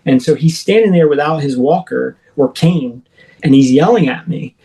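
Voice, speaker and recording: A man, a podcast guest, recounting his own experience in a rambling, filler-heavy way and acting out his own shouts as he retells it. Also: on the high side, normal speed, low-quality recording. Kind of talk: first-person storytelling in a podcast interview.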